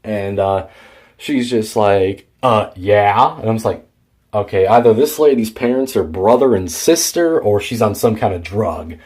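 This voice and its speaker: A man's voice: lowish voice, animated, moderate pace, mellow, slightly rough. Teenage guy ranting through a vlog story. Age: teens. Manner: rambling, fired-up retelling of a workplace feud. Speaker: vlogger.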